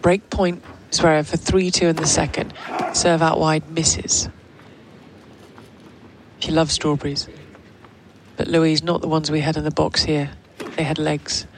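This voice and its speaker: Brisk female tennis commentator. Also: sits low, little pitch movement, a little hiss or hum. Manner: brisk play-by-play, teasing banter. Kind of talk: live sports commentary.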